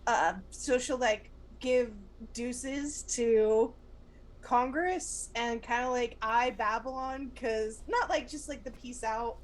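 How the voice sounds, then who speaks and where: Higher-voiced woman player, giggly. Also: takes it slowly. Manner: giggly, describes her character's actions. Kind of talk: casual tabletop game chat.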